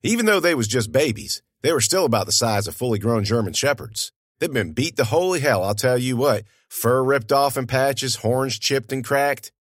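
A male narrator tells the story in a folksy, conversational way, like he's talking with a friend. His voice rises and falls with lively inflection. The recording is close and dry, with no room sound. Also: mid-range voice, moderate pace, few pauses, no echo. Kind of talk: audiobook narration.

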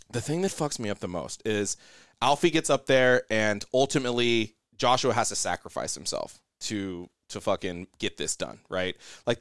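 A man co-hosting a podcast, excitedly retelling a film scene with lots of swearing and rambling. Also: mid-range voice, smooth, no room sound, clean studio sound. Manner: excited, profane, rambling storytelling. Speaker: podcast co-host. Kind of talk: casual chat.

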